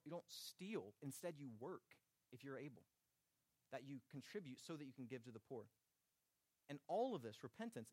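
A man preaching a sermon, urgent and emphatic, his voice dropping soft and then rising again. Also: fairly high pitch, no room sound. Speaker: pastor.

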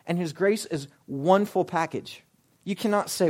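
A young adult male pastor with a notably high voice, delivering a sermon. He presses his points with rhetorical questions and swings between forceful pushes and quiet, hushed asides. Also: measured pace.

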